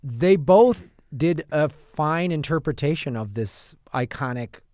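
A man's voice: on the high side, expressive, slow, a little mellow, no echo, clean studio sound. A man co-hosting a podcast, chatting casually about films and telling rambling stories with many restarts. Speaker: podcast co-host. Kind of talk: casual film chat.

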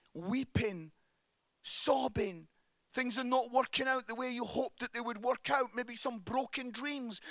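High, bright-voiced animated male preacher. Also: no echo, studio quality. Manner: animated, swings from hushed to loud, tags lines with "yeah?". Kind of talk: sermon. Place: church service.

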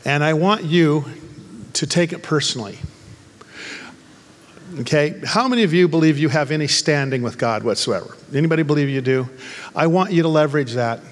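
Fervent pastor in a reverberant hall. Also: male voice, a little high, moderate pace, long pauses. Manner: humorous storytelling turning to fervent, angry exhortation. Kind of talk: sermon.

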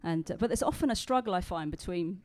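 A woman with a London accent preaches in a conversational, storytelling way, sprinkled with small fillers. Her voice sits a little low for a woman. She moves easily between talking to the congregation and reading a passage aloud. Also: animated, fast. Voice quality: conversational, warm storytelling delivery with filler words. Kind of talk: sermon with read-aloud story.

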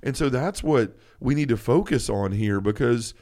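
Here a man in his thirties co-hosts a faith podcast at normal speed, his mid-range voice a little mellow. Earnest and emotional, he keeps restarting sentences as he speaks.

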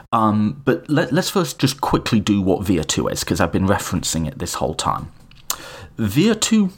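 A man with a lowish, breathy-edged voice gives an informal spoken lecture on political philosophy. He's animated, corrects himself often with frequent restarts, and tosses joking asides to his listeners.

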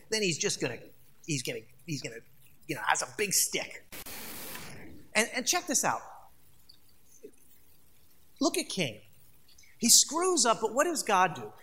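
A pastor preaching a sermon in an animated way, asking the congregation rhetorical questions. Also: medium pitch.

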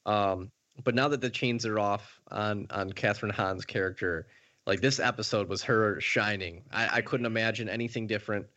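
A man's voice: lowish voice, normal speed, pushed and bright. A man co-hosting a podcast, walking through an episode recap in casual chat, methodical with many fillers. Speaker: podcast co-host.

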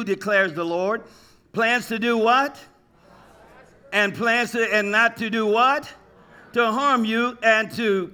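Man, preacher, high and bright, lively call-and-response sermon with joking impressions. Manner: call-and-response, asks the congregation questions; lively, jokes, mimics people.

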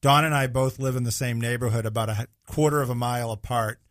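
A man with an average-pitched voice hosts a casual faith conversation, affirming his guest as he goes. He talks with frequent fillers. The recording is dry. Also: fairly even intonation, fast, a bit bright, no echo.

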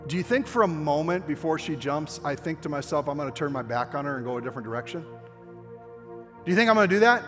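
An older man preaching a sermon with passion, his voice climbing toward near-shouts at the key points. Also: a little high. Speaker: pastor. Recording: long hall reverb with faint music.

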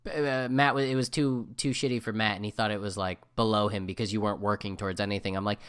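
A man co-hosting a podcast in casual chat, telling stories in a lively, cursing way. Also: on the low side, quick pace, hardly any pauses, clear, resonant tone. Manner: animated, swings between loud and quiet, profane. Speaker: podcast co-host.

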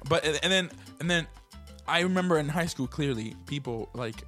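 A man from Puerto Rico, co-hosting a casual podcast chat and talking in an animated way. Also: a little high, normal speed, soft background music. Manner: animated, jumps into mocking parent voices. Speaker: podcast co-host.

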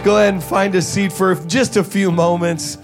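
A man leads a church service as pastor, his voice a little high for a man and full of emotion. He slides from a half-sung reading into quiet, heartfelt talk. Soft instrumental music plays faintly behind him in the large sanctuary. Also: fairly even intonation, normal speed. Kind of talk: sermon.

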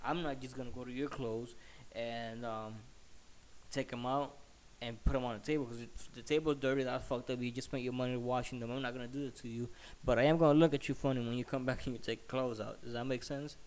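A man's voice: mid-range voice, fairly even intonation, fairly quick, a little mellow. A man telling a story in a heated, profane, rambling rant while slightly sick.

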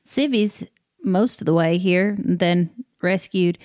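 A woman's voice: lowish voice, slow, a little mellow. A woman playing a tabletop game who speaks in a casual, easygoing way. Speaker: player.

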